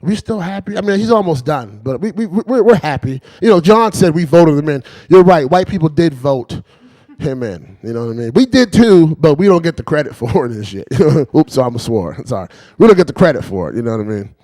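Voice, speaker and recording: Animated, chuckling stand-up comic man. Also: fairly high pitch, a little fast, no echo. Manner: rambling, chuckles between lines, keeps saying "you know what I mean". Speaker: stand-up comedian. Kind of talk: stand-up routine.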